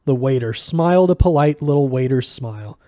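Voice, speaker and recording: A man reading a novel aloud with measured, expressive narration. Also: mid-range voice, no room sound, studio quality. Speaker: reader.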